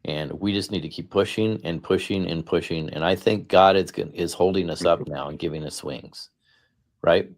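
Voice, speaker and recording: A middle-aged man with a very low, deep voice talks with earnest conviction, hammering his points by repeating phrases. He speaks like a guest on a discussion panel. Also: moderate pace. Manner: earnest, repetitive, emphatic. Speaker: guest speaker, political candidate. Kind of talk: impassioned panel talk.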